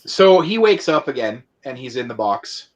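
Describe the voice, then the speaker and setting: A man co-hosting a podcast, talking through a movie casually and haltingly while going by his notes. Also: mid-range voice, sing-song. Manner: halting, many fillers, reading from notes. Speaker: podcast co-host.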